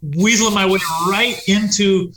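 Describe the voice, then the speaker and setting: A man's voice: high-pitched, steady tone, moderate pace, pushed and bright, slight background noise. Rambling profane man, roomy sound. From United States. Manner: rambling, profane, acts out quoted voices. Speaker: touring punk musician guest. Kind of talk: casual storytelling chat. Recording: roomy echo.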